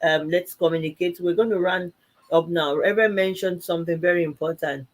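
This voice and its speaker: A woman co-hosting a live church talk show, telling stories in a casual and animated way, laughing often and acting out both sides of each exchange. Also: lowish voice, brisk. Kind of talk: casual conversational storytelling.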